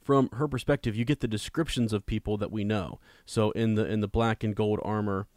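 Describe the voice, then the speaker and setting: Low-voiced man talking through a book. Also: steady tone, brisk, darkish tone, no room sound, clean studio sound. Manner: chatty and reflective, quoting passages. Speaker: co-host of a book discussion. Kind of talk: casual book discussion.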